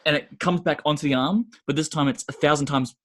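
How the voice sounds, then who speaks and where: A man's voice: a little high, fairly even intonation, brisk. A young Australian man co-hosting a podcast, telling a story animatedly, acting out the voices and laughing often. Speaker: podcast co-host. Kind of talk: casual chat.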